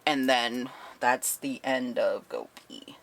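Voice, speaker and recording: A woman's voice: extremely low pitch, slow pace, background noise. A woman giving a casual spoken book review, retelling the plot bluntly and swearing often.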